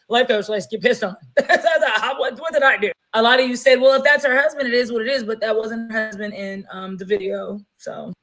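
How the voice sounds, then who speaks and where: A woman hosting a gossip podcast, talking in an animated, blunt and profane way. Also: a little high, low-quality recording. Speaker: podcast host. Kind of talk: casual gossip commentary.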